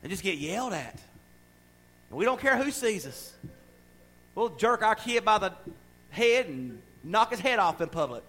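A middle-aged man preaching a sermon, emphatic and loud at times, then dropping into quiet asides. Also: high-pitched, big pitch swings, moderate pace, pauses often, poor audio. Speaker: pastor.

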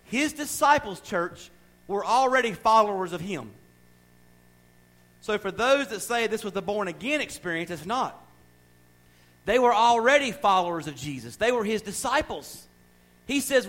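A middle-aged man preaching a sermon, emphatic and loud at times, then dropping into quiet asides. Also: high-pitched, animated, normal speed, long pauses, rough recording. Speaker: pastor.

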